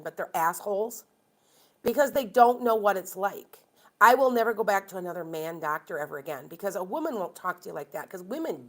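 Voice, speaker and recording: A woman's voice: on the low side, fairly bright tone. A chatty woman from Wisconsin hosts a live stream as a tarot reader. She talks in a casual, rambling way and airs blunt opinions freely.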